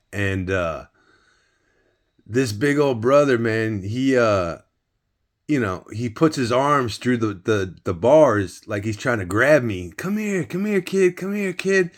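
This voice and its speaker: A man with a fairly low voice tells a personal story in a loose, casual way. He restarts his sentences over and over and drops in swear words as he goes. He sounds close to the mic, indoors. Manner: rambling, many restarts and swearing.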